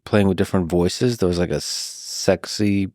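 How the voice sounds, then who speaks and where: A man hosting a podcast interview, soft-spoken and asking questions. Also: sits low, moderate pace, no echo, studio quality. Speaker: podcast host.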